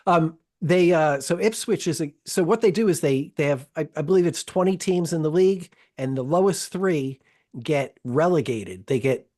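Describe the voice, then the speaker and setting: A man's voice: a little high, normal speed, mellow. A man co-hosting a podcast in casual chat, telling stories in a rambling, profane way with many restarts. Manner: rambling, profane, self-interrupting storyteller. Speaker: podcast host.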